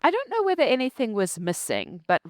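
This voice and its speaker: Her voice fairly high and her pace a little fast, a middle-aged woman from Zimbabwe narrates her journey as a company founder in an interview. She sounds animated, laughs often, carries a Zimbabwean accent, and the recording has no echo.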